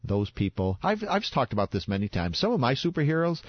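A man's voice: medium pitch, very animated, fast talker, no echo, lo-fi sound. A man co-hosting a faith radio show, talking in a heartfelt, casual way and often repeating himself. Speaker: radio co-host.

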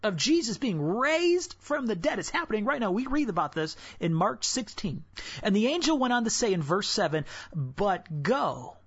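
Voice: mid-range voice, very animated, normal speed, husky, no echo. Casual devotional preacher who talks like a friend and drops to a whisper for weight; dry, dull lo-fi sound. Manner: conversational, drops to a hushed whisper for solemn points. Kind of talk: devotional sermon.

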